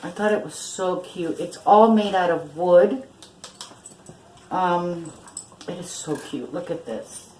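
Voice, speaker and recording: An older woman takes her time showing off her finds, gushing over each one. Her speech is slow and relaxed. The room rings with echo, and a faint hiss sits under her voice. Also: on the low side. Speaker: vlogger. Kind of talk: casual thrift haul vlog.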